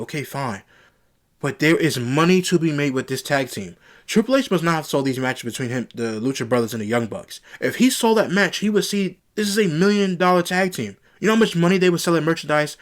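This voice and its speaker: A man reviewing a wrestling show on his own channel, ranting in an exasperated way and repeating rhetorical questions. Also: a little high. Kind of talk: opinionated solo review rant.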